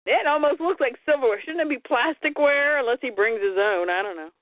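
A woman co-hosting a casual chat, retelling a story in an animated way and laughing often. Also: high voice, brisk, no room sound. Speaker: podcast co-host. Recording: tinny phone-like line.

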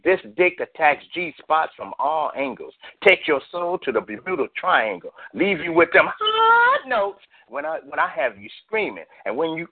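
A man's voice: on the high side, dry recording. A man from the US West Coast, a guest poet reciting a boastful spoken-word piece in a rhythmic delivery. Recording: tinny phone line.

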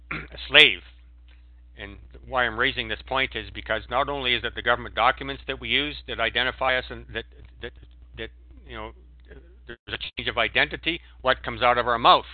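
A man giving a preachy, emphatic monologue as a guest on a call-in show, breaking into sudden loud outbursts. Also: medium pitch, normal speed, long pauses, dry recording. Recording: tinny phone line, dry.

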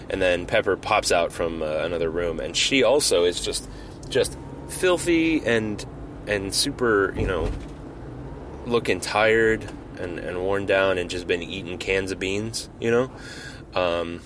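Low-voiced man pitching a movie idea. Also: unhurried, a bit bright, a little hiss or hum. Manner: rambling, many fillers and restarts. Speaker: podcast host. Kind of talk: casual comedic storytelling.

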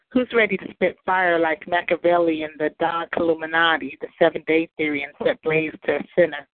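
A woman performing a sharp, accusing spoken word piece. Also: fairly low pitch, dry recording. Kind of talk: performance poetry. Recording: tinny phone line.

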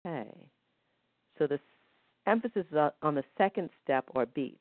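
A woman's voice: deep voice, animated, fairly quick, no echo. Woman counting waltz beats over a phone line. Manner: gentle, counts rhythms aloud. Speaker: energy healing practitioner. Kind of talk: guided healing session. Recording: dry, tinny phone-like line.

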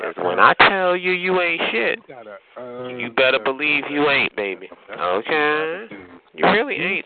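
A man's voice: fairly high pitch, narrow, tinny audio. A man hosting a phone chat line, roasting a caller in a sassy, theatrical way and calling everyone honey.

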